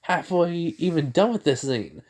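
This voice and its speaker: A man voicing an excitable young fox boy sidekick with a whiny protest in his voice. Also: fairly high pitch, unhurried, pitched above the performer's own voice. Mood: complaining.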